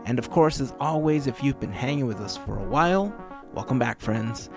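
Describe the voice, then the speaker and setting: A man's voice: medium pitch, normal speed. A man hosting a fan podcast, reading the intro with an upbeat, sing-song delivery over music. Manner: upbeat, animated, sing-song promo reads. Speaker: podcast co-host. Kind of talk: casual podcast chat.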